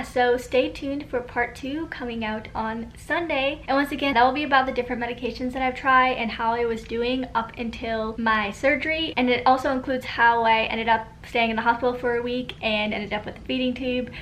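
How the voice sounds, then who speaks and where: A woman's voice: fairly high pitch, fairly bright tone, a little hiss or hum. Earnest young woman talking to camera. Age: 20s. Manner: earnest, reassuring. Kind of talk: direct-to-camera vlog advice.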